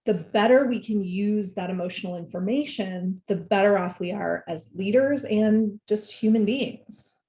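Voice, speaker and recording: A woman interview guest who gives clear, structured explanations of leadership ideas. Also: mid-range voice, normal speed, warm tone. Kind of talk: interview answers.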